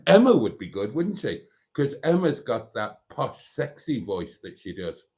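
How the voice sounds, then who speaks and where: A middle-aged man hosts a relaxed livestream, reading viewer comments and often dissolving into giggles. He talks at an unhurried pace in a warm, mellow voice. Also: mid-range voice, gravelly. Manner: giggly, keeps breaking into laughter. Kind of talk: casual live chat.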